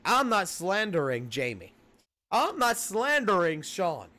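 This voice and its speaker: A man hosting a livestream delivers a heated, profanity-laced rant into a home mic. His voice sits a little higher than most men's. He circles back on his own words to drive each point home. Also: very animated, slow, bright, forceful tone. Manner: heated, profane, repeats himself for emphasis. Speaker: livestream host.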